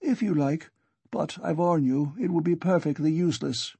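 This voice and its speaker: A precise little old doctor speaks bluntly and clinically, played by a male narrator. The voice is mellow and slightly husky, with a dry, close sound. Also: fairly high pitch, moderate pace, dry recording, voice pushed up. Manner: blunt, clinical, matter-of-fact.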